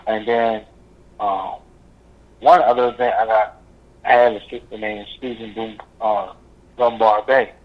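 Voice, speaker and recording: A man's voice: lowish voice, flat delivery. Rambling man on muffled lo-fi audio. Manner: rambling, halting, many fillers, acts out others' lines. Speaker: guest. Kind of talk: casual storytelling interview.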